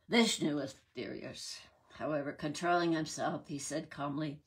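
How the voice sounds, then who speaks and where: A woman reading a retold myth aloud in a measured, reverent way. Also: low voice, slightly rough. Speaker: reader.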